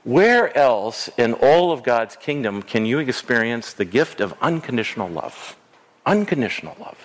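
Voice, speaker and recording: A man's voice: mid-range voice, big pitch swings, moderate pace. A middle-aged man preaching a sermon as a pastor, earnest, repeating phrases and restarting words as he goes. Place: church sanctuary. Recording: long church reverb.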